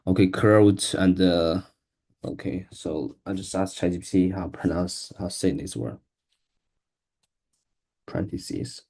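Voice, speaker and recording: A man's voice: deep voice, fairly even intonation, slow, long pauses, a little mellow. A man learning English, reading aloud hesitantly, with many restarts and stumbles over words. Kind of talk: casual reading-aloud practice.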